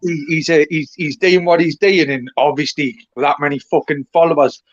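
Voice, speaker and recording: A man's voice: a little high, fairly even intonation, moderate pace, no echo. A Geordie man on a live stream, rambling and blunt, swearing often and mocking himself in casual banter. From North East England. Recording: dry, dull lo-fi stream audio.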